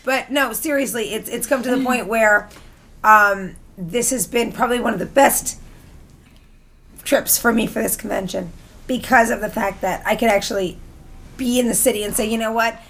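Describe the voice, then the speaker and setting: A woman's voice: a little high, normal speed, a bit bright. Chatty woman on a panel. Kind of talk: casual chat on a recorded panel.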